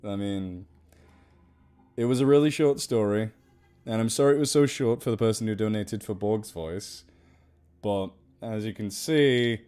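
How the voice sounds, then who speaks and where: A man's voice: lowish voice, unhurried, dark tone, clean tone. A man hosting a live stream, chatting casually and joking at his own expense. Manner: self-deprecating, laughing. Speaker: streamer reading stories.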